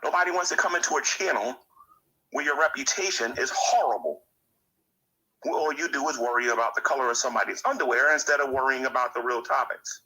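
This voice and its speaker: A man's voice: mid-range voice, a little fast, sharp tone, low-quality recording. A man giving a preachy, indignant rant as a YouTuber, often stumbling into repeated words. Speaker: YouTuber ranting about his community. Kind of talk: monologue rant to camera.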